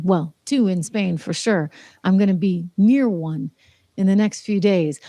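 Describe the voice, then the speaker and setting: A woman's voice: medium pitch, dark tone. A woman hosts a news commentary stream, reading headlines and breaking off into sarcastic, scolding asides. Her voice sits in an ordinary middle range for a woman. The sound is dry and close, with no room echo. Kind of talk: opinionated news commentary livestream.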